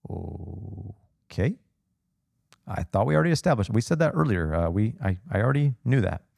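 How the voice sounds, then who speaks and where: Male pastor, casual expressive sermon, lots of rhetorical questions, dry close sound. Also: fairly low pitch, normal speed, gravelly, no room sound. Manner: asks the congregation rhetorical questions. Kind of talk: conversational sermon.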